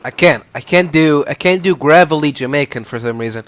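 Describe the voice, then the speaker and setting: A man's voice: a little high, fairly quick, few pauses, fairly bright tone. A man making joking, self-deprecating asides while streaming a game. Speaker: let's-play streamer. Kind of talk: casual gameplay commentary.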